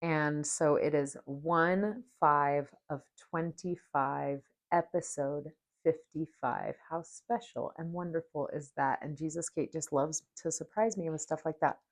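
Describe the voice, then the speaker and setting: A woman with a notably low voice hosts a spiritual podcast in a soft, dreamy way. She takes her time over every phrase and leads a gentle guided meditation. Now and then her voice sinks to a near-whisper. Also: steady tone, measured pace, hardly any pauses. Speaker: podcast host.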